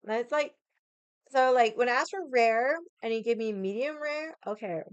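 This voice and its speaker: Forties woman, Boston accent, blunt profane vlog rant, smooth clear voice. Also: a little high, moderate pace, no echo, lo-fi sound. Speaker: vlogger. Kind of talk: casual rant to camera.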